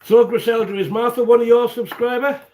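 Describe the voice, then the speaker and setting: A man's voice: very high voice, fairly even intonation, a little fast, mellow, slight background noise. A man from the UK hosting a casual live cooking stream from his home kitchen, chatty and jokey, rambling as he greets viewers by name. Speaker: cooking show host.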